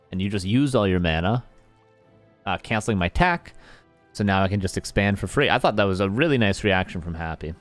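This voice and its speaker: A man's voice: fairly low pitch, lively intonation, a little fast. A man casting a live strategy game match, chatty and playful with joking asides. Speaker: esports caster. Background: faint game music.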